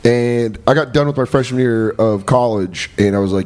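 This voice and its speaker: A man's voice: medium pitch, normal speed, few pauses, a little mellow. A young man, a comedian and guest on a podcast, telling profane stories casually and laughing as he talks. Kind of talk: casual storytelling chat.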